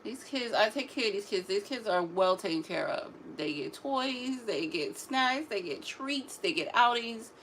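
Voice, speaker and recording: A woman, telling parenting stories in a sassy, animated way, like a casual talk to camera. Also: mid-range voice, measured pace, few pauses, slight background noise. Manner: sassy, animated storytelling, drawling asides. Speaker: mother vlogging about parenting.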